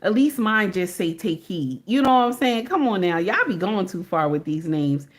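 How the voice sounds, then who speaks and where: A woman's voice: mid-range voice, sing-song, moderate pace. A middle-aged woman hosting a reaction livestream, speaking casually in slangy, emphatic speech and repeating her points.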